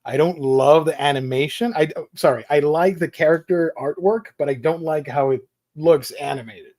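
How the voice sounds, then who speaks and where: A man's voice: on the high side, normal speed, a little mellow. A man chatting as a guest about comic movies and books, explaining at length with many fillers. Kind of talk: casual chat.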